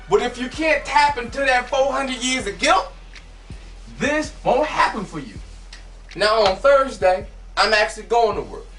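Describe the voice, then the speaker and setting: A man performing a satirical comic monologue as host, animated and breaking into shouted bursts. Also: high voice. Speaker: comedian host. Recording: echoey, from a distance, faint music.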